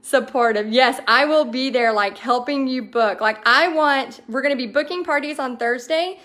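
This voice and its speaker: A woman's voice: sits high, normal speed, a bit bright. A woman hosting a casual livestream, chatting through viewer comments with bubbly enthusiasm and frequent ums. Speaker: host of a paint party business livestream.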